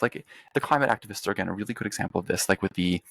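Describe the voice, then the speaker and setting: Fast-talking young man, gravelly voice. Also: lowish voice, fairly bright tone, no echo. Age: young adult. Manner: fast, profane, emphatic ranting. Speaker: podcast host. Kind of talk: casual political chat.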